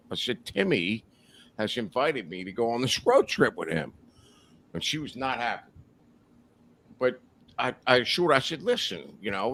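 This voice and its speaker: There's a little hiss or hum behind this man's medium-pitched, somewhat bright voice as he swaps rambling, swear-filled stories on a podcast, laughing along in a relaxed storytelling chat.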